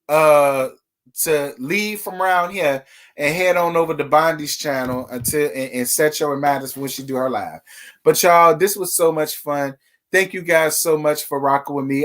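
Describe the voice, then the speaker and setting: A man's voice: fairly high pitch, fairly bright tone. Sassy, chatty gossip host, man. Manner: sassy, chatty, talks straight to viewers. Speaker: livestream host. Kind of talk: casual reality TV gossip livestream.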